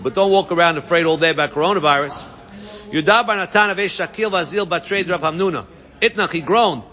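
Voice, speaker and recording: A man teaching a Talmud class, reading Aramaic phrases and translating each one with quick asides. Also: a little high, pushed and bright. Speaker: Torah teacher. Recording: dull sound with long reverb.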